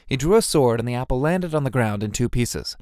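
A man narrating a story aloud in an expressive, measured way. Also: medium pitch, dry recording, studio quality. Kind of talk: storybook reading.

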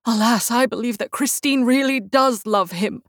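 A woman voicing a despairing young nobleman who speaks in a quiet, earnest tone. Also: normal speed, no echo, studio quality, natural voice. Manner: hushed, low and earnest.

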